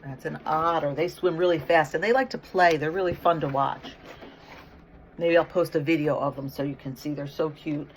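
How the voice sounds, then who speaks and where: In this read-aloud storytime, the middle-aged woman teacher poses questions to young children as she reads a picture book, praising their answers. Her voice sits low with a steady tone at normal speed, and a little hiss or hum is audible.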